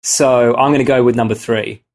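A man's voice: medium pitch, steady tone, normal speed, a little mellow. A man co-hosting a casual podcast, playful and laughing a lot as he guesses and tells stories. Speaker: podcast co-host and quiz contestant.

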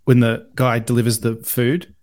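A man co-hosting a casual film podcast, easygoing and quick to agree. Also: medium pitch, little pitch movement, darkish tone. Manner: easygoing, agrees often, laughs along. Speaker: podcast co-host. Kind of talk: casual movie chat.

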